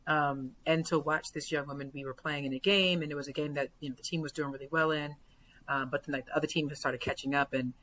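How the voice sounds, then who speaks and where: A young woman coach talks on a podcast, full of "like" fillers and lively telling. Her voice is bright with a forceful edge, and a faint hiss sits behind it. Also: deep voice, fast, poor audio. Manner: animated storyteller, many "like" fillers. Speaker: basketball coach and podcast guest. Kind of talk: casual podcast conversation.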